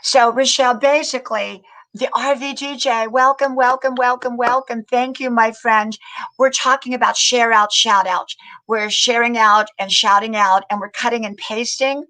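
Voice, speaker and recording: A woman's voice: on the high side, steady tone, normal speed, sharp tone, low-quality recording. An older woman hosting a casual live stream, chatting on and greeting viewers by name, often repeating her words. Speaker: livestream host.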